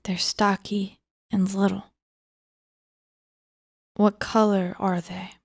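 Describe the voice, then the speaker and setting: A woman giving a cold reading of a book aloud, often dropping into a hushed whisper. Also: medium pitch, little pitch movement, slow pace, creaky, no echo, studio quality. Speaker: audiobook reader.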